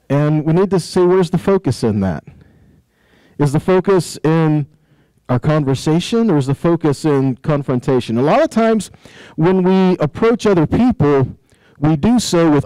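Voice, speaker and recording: A man hosts and teaches in a preaching style, posing rhetorical questions to his listeners. His tone is mellow and a little dark, and the sound is dry. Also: a little high, sing-song, moderate pace, no room sound, poor audio. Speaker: host, ministry teacher.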